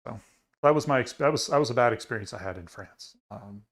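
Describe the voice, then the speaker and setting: A male podcast co-host in casual conversation, telling a long anecdote. His voice sits at a middling pitch, and he wanders through the story with frequent fillers and restarts. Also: brisk. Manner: rambling storyteller with many fillers. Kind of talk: casual chat.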